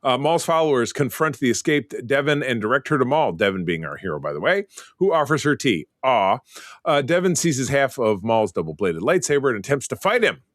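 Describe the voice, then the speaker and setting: A man's voice: medium pitch, very animated, a little fast, no room sound, studio quality. A man co-hosting a podcast in casual chat, reading plot summaries with chatty asides. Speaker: podcast co-host. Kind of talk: casual chat recapping episodes.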